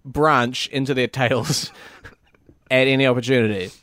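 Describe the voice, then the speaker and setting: Deadpan, dry-witted man. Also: mid-range voice, measured pace, no echo. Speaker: podcast co-host. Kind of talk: casual comedic chat.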